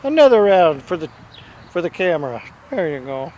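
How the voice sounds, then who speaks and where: A man's voice: on the high side, sing-song, moderate pace, a little mellow, slight background noise. A man filming his dogs at home, coaxing them in sing-song baby talk. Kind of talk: casual talk to pets on camera.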